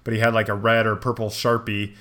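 A man's voice: lowish voice, completely flat delivery, a little fast, pushed and bright. A man co-hosting a podcast, chatting casually and hesitantly, trailing off in asides. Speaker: podcast co-host. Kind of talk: casual chat.

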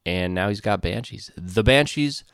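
Lively low-voiced man reviewing a film. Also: normal speed, clear, resonant tone, no room sound, studio quality. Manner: joking, laughs often, animated. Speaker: podcast co-host. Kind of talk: casual film review chat.

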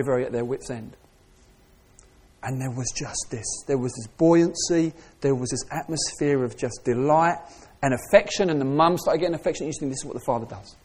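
A man in middle age delivers a sermon with a fairly high voice. He shifts from hushed, thoughtful asides to loud, fervent exhortation. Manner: swings from soft reflective asides to raised passionate preaching. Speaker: preacher.

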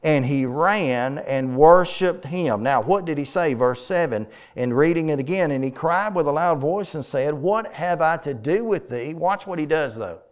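A man leads a conversational sermon, pausing to ask his congregation questions. His voice sits slightly high and rings clear and smooth. When he reads scripture he slows down and leans on each phrase. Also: lively intonation. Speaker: preacher teaching a Bible study.

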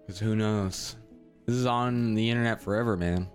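A laid-back young man chatting on a podcast, joking easily and dropping slang. His voice sits a little low. Faint music plays in the background. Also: fairly even intonation, normal speed. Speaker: podcast co-host. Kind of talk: casual chat.

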